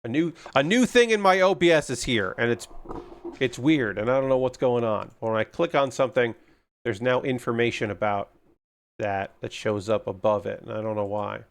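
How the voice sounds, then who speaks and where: Male hobby streamer, casual and excitable, mutters to himself, swears a lot, ordinary mid-range voice. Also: mid-range voice, normal speed. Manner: excitable, gushing about kits. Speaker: livestreamer building model kits. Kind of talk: casual livestream chat.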